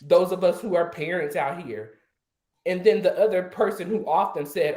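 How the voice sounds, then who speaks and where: A man's voice: high voice, expressive, normal speed, darkish tone. A man on an online panel, ranting in heated indignation and firing off rhetorical questions. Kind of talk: impassioned online panel talk. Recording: roomy echo.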